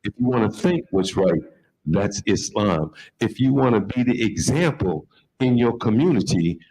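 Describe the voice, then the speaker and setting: A man answering as a panelist in a calm, emphatic, preaching way. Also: fairly low pitch, normal speed, rough recording.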